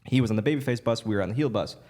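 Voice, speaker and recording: A man, a podcast guest, telling stories in an animated way, laughing often and acting out other people's voices. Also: medium pitch, rapid-fire. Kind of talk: storytelling on a podcast.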